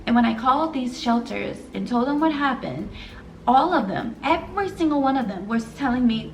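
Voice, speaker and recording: A woman's voice: a little high, animated, moderate pace, roomy sound, far from the mic, a little hiss or hum, rough recording. A young woman telling an emotional story to her viewers in a casual vlog, earnest and direct. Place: home room.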